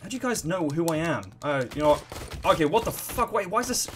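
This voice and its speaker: A man talks through a video game in loose, excitable bursts, cursing and reacting to every moment on screen. His voice sits a little on the high side for a man, and a faint hiss hangs under the recording. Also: a little fast. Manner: excitable, sweary, rambling reactions. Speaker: let's play host. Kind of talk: gaming commentary.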